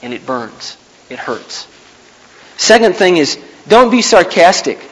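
A man's voice: sits high, big pitch swings, slow pace, fairly bright tone. A man in his thirties preaching a sermon as a pastor, earnest and emphatic, repeating his key points. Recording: long hall reverb.

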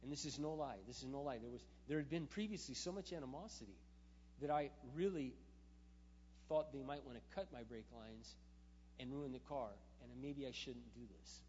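A man, a pastor, preaching through a personal story, animated, with loud emphatic bursts and quiet asides. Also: medium pitch, moderate pace. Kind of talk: sermon storytelling. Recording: dull sound in a reverberant hall, faint hum.

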